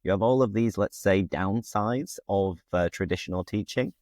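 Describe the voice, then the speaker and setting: Deep-voiced British man hosting. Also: moderate pace, darkish tone, no echo, clean studio sound. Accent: British English. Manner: friendly, curious questions with many fillers. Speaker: host, English teacher. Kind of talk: casual interview.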